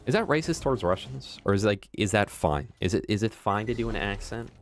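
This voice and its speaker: Low-voiced rambling male streamer. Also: lively intonation, brisk, vocal fry, few pauses, slight background noise. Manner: rambling, joking asides to chat. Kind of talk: casual live gameplay commentary.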